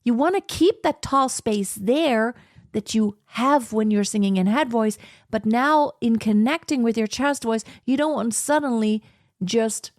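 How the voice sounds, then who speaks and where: A woman teaching singing, explaining slowly and breaking into sung operatic soprano examples. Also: a little high, no room sound, studio quality. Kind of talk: vocal lesson with sung demonstrations.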